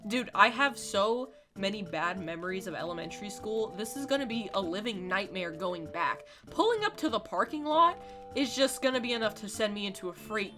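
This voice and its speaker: A woman's voice: medium pitch, expressive, brisk, music in the background. A young woman in her late teens, chatting through a dramatic, exasperated storytime rant while playing a game. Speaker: gaming YouTuber.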